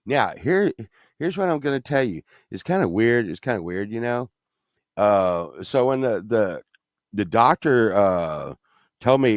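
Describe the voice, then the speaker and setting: A man's voice: fairly low pitch, big pitch swings, unhurried, dry recording. A man in his fifties telling a story in a casual, profane, rambling way, swinging from mumbling asides to indignant rants. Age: 50s.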